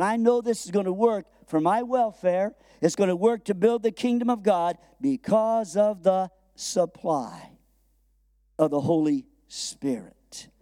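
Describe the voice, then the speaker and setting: A man's voice: high-pitched, warm tone, no room sound. A middle-aged man, a pastor preaching a sermon and telling a personal story, acting out the dialogue and chuckling at his own jokes.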